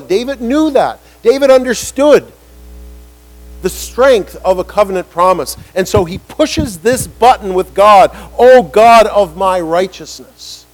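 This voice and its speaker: A man delivering a sermon, his voice sitting high for a man. He preaches with animation, putting on the voices he quotes and pushing key lines upward for emphasis. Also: low-quality recording.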